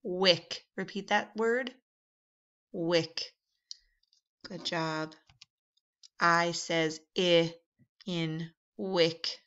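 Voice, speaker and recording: A woman's voice: fairly low pitch, steady tone, drawn-out words, long pauses, a bit bright. A woman teaching vowel sounds in a phonics drill, patient and encouraging, drawing out each sound. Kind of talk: slow, deliberate phonics drill. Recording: slightly dull, lo-fi sound.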